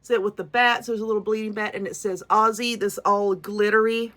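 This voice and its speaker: A woman's voice: mid-range voice, steady tone, brisk, a bit bright. A woman with a Southern US accent, gushing and exclaiming as she unboxes crafting goods in a casual vlog. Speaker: crafting vlogger. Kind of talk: excited unboxing chat.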